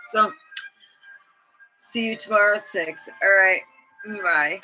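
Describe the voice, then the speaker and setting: Slow-talking chatty woman host. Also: medium pitch, pushed and bright, faint music behind, poor audio. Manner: chatty, laughs often, acts out quotes. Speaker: livestream host. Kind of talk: casual storytelling.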